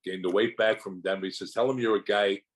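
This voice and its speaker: A man's voice: on the low side, fast talker, poor audio. An older man, an actor, telling stories in a casual interview and acting out what others said to him. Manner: animated anecdotes, acting out quotes from others.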